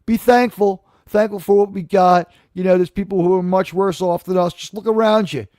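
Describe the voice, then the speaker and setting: A man's voice: high voice, fairly even intonation, normal speed, no echo, clean studio sound. A man hosting a live talk stream, rambling and sarcastic, from New York. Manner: sarcastic, rambling, shifts loud and soft. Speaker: live show host. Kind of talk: casual livestream monologue.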